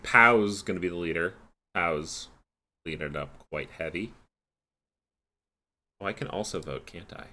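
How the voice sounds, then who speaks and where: Low-voiced tired male esports caster. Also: unhurried, pauses often, bright, forceful tone. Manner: tired, casual, yawning. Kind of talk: live esports play-by-play and chat.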